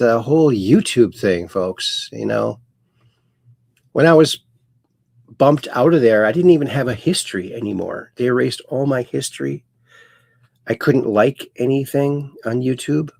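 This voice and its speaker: A man hosting a casual livestream, slowly reading chat messages aloud with sudden bright upswings. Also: mid-range voice, lively intonation, gravelly, husky, no echo. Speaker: host.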